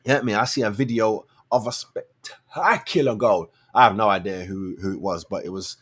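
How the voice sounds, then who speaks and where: A husky-voiced show host rants at a normal speed, offering casual opinions in a blunt, slangy, animated way. He swings between low mutters and loud outbursts.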